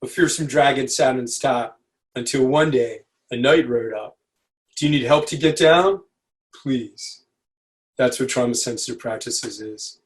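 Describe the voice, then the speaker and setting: A man giving an animated lecture over a video call, often checking in with "right?" and acting out quotes. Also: a little high. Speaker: speaker at a community webinar.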